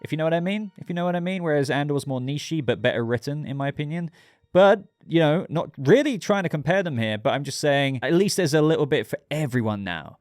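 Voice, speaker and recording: A man's voice: on the high side, expressive, fast talker, darkish tone, no room sound, clean studio sound. A man hosting his own channel, giving a casual, rambling episode review and talking straight to his viewers. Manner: rambling, chatty, addresses viewers directly.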